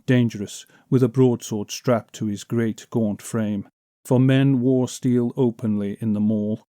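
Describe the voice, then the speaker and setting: A man narrating an adventure story as an audiobook reader, in a measured, descriptive manner. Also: medium pitch, warm tone, no echo, studio quality.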